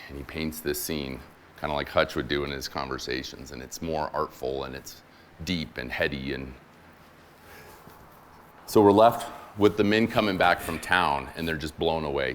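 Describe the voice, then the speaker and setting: A man with a very low voice gives a sermon as a guest chaplain, retelling scripture stories in a loose, joking, conversational way. He drops in slang and acts out the people he quotes. A faint hiss sits under his voice. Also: normal speed, a bit bright. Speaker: guest preacher, military chaplain.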